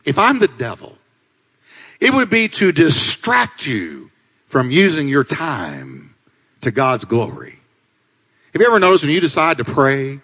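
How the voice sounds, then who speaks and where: A male pastor delivering a dramatic sermon, swinging from loud climaxes to low asides. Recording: long hall reverb.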